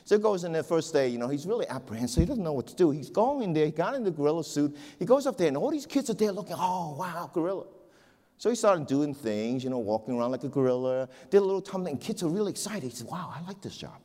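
Animated preacher in a reverberant hall. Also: male voice, on the high side, fast, hardly any pauses. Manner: animated storyteller, repeats words. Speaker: pastor. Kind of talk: sermon with a joke. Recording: long church hall reverb.

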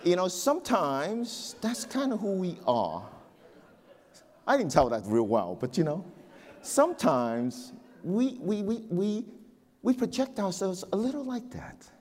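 Animated preacher in a reverberant hall. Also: male voice, high-pitched, a little slow. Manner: animated storyteller, repeats words. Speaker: pastor. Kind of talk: sermon with a joke. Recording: long church hall reverb.

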